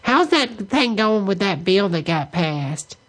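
Woman prank caller, deadpan and unhurried, leisurely pace, mid-range pitch. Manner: deadpan, slow and drawn-out spelling. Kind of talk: prank phone call.

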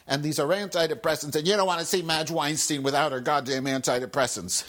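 A man's voice: a little high, fairly even intonation, quick pace, a bit bright. A man hosting a solo podcast, ranting angrily and profanely with sarcastic, rambling asides. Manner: angry, sweary, sarcastic. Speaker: podcast host.

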